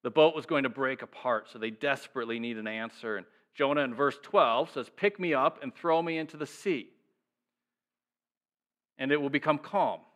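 A man preaching a sermon, reading scripture and acting out its characters with lively shifts in voice, then dropping soft and low to reflect. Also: moderate pace. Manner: animated, acts out the voices of the sailors and Jonah. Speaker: pastor. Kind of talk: sermon teaching.

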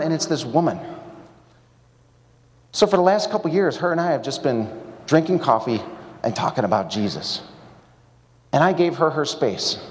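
Pastor preaching in a reverberant hall. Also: male voice, mid-range voice. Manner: conversational storytelling with wry asides. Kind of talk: sermon at a seminar.

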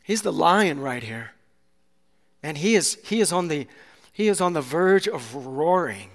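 A male pastor preaching a sermon with passion, swinging from soft, hushed moments to loud, climactic peaks. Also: fairly high pitch. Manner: impassioned, builds to loud climaxes, drops to soft near-whispers. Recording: long hall reverb.

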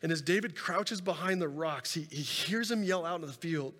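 Guy preaching, fairly high voice, gets loud then drops quiet, stumbles over repeats, big echoey hall. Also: brisk. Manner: animated storytelling, shifts loud and soft, repeats words. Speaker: pastor. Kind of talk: sermon. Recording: reverberant hall sound.

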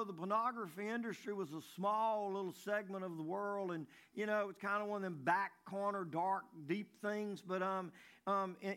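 A man's voice: sits high, sharp tone, clear, resonant tone. A man preaching a folksy sermon, stumbling over and repeating words as he tells jokes. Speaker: pastor.

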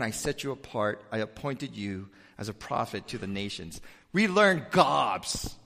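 A man preaching a sermon in a conversational way. He rises to emphatic peaks and then drops to a soft voice. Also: mid-range voice. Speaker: pastor. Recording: long hall reverb.

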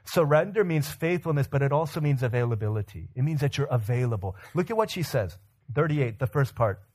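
A man's voice: medium pitch, animated, fairly quick, a little mellow. Male pastor, mid-range voice, conversational sermon with rhetorical questions and acted quotes.

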